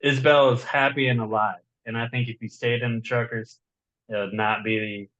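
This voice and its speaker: A man's voice: mid-range voice, little pitch movement, normal speed, a bit bright, muffled recording. A man with a slight Southern accent, chatting as a guest author in a rambling, enthusiastic way and often repeating words. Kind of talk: casual chat.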